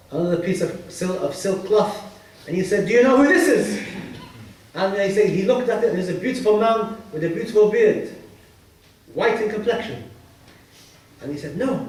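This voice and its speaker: A man with a notably high voice tells a religious story to a gathering, voicing each character in turn. He coughs and clears his throat now and then. The recording is very echoey, taken from far across a large hall. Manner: retells dialogue with shifting pitch, frequent coughs and throat clearing. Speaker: religious teacher. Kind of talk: storytelling lecture.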